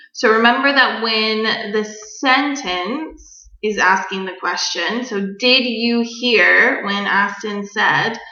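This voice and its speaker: A young woman teacher giving a recorded grammar lesson, explaining clearly and patiently to children. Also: medium pitch, pushed and bright. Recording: dull echoey room recording.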